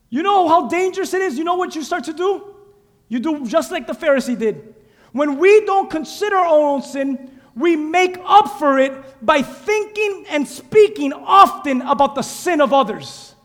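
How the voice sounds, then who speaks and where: A male pastor preaching an animated sermon, exhorting and calling out to his congregation. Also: very high-pitched, long reverb tail. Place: church sanctuary.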